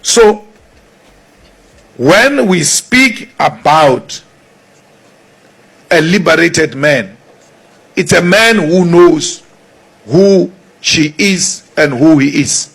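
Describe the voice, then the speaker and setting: A South African man gives a political speech in a husky, fairly high voice. He speaks slowly and forcefully, hammering points home by repeating them. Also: lively intonation. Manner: forceful, repeats lines for emphasis.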